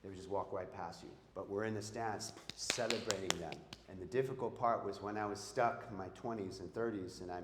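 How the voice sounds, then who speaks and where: In an echoey event hall with long reverb, a middle-aged man speaks to an audience as a motivational speaker, his voice on the low side. He's emphatic and keeps throwing questions at the crowd, with slight background noise present.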